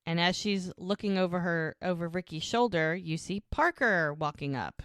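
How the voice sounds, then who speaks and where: A woman's voice: lowish voice, normal speed, clean tone, no echo, clean studio sound. A woman co-hosting a podcast, casually recapping a TV episode scene by scene, with many "like"s. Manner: lively retelling of scenes with many "like"s. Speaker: podcast co-host.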